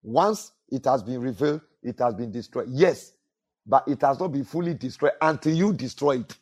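Husky-voiced preacher man, call-and-response. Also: medium pitch, expressive, normal speed, a little mellow. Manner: repetitive preaching with call-and-response questions to the congregation. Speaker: pastor. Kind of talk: sermon.

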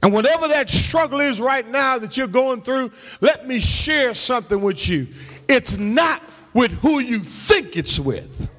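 A man preaching a sermon as pastor, calling out to the congregation and rising into shouts and half-sung lines. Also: very high voice, animated, a little slow, in a large hall. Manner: call-and-response preaching, shouting and half-singing. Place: church sanctuary.

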